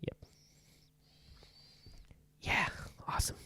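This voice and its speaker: Whispering with drawn-out words and a sharp tone, a Filipino man with a Bisaya accent rambles casually while testing microphones for a vlog. The talk is unscripted and full of fillers, recorded in an echoey indoor room as the mics change.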